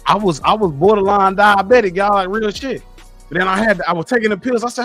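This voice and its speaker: On a casual livestream, a high-voiced man reads and responds to his chat, lecturing bluntly and cursing freely at a quick pace. Soft music plays faintly in the background.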